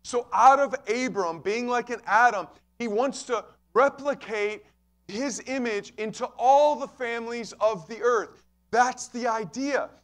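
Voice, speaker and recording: Man, pastor, sermon, high-pitched voice, emphatic, repeats phrases. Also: a little slow, a bit bright. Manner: emphatic, repeats key phrases, addresses listeners as friends.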